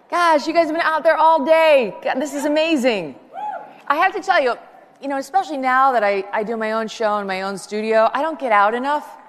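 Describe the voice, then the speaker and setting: A woman's voice: a little high, a little hiss or hum. A woman who hosts a talk show, giving a chatty, joking live speech on stage into a handheld microphone. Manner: chatty, joking, excitable, rambling asides. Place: large live event hall with an audience. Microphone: handheld microphone while walking. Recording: long reverb of a large hall.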